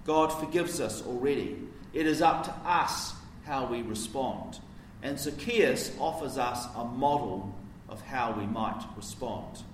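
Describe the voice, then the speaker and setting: A man's voice: mid-range voice, unhurried, few pauses, slight background noise. A man preaching a sermon in a conversational, explanatory way, posing questions to his listeners. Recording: roomy, distant mic, faint ambience.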